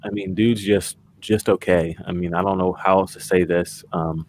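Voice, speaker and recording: A man's voice: low-pitched, fairly even intonation, moderate pace, darkish tone, slight background noise. A man co-hosting a podcast, chatting casually and ranting with exasperation, full of fillers. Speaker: podcast co-host. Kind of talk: casual sports podcast chat.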